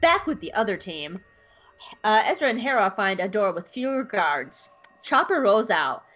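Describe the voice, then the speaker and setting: Young woman, podcast host, chatty, giggly, fairly high voice. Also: fairly bright tone, muffled recording. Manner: chatty, giggly, lots of fillers. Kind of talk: casual episode recap.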